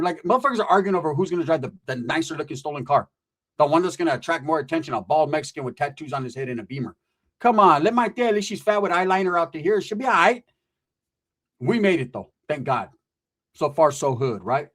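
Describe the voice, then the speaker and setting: A man telling a comedic story in an animated, profane, slangy way. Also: a little high, fast talker.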